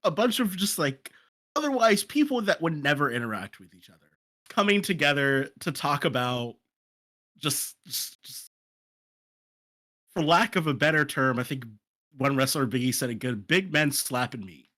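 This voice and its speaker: An easygoing stream co-host with a bright, sharp tone. The pitch swings freely up and down. The speech often trails off mid-sentence in casual chat. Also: animated, normal speed, pauses often.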